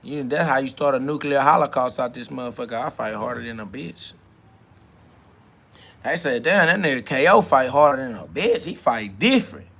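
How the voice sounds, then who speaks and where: Bright-voiced man preaching in street slang. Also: lively intonation, moderate pace, vocal fry. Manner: swings between loud hype and low murmurs. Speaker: podcast host. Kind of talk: freewheeling spiritual monologue.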